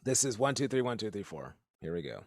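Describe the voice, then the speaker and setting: Drum teacher counting bars, lively pitch. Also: male voice, fast, heavy background noise. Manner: counts bars out loud, stops to correct himself. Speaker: drum teacher leading a group warm-up. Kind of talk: live online drum lesson, counting aloud. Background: drumming.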